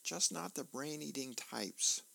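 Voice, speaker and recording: A man voicing a mischievous little girl from a comic strip, with a slow, teasing delivery. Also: fairly high pitch, creaky, sharp tone, voice pushed up, exaggerated voice.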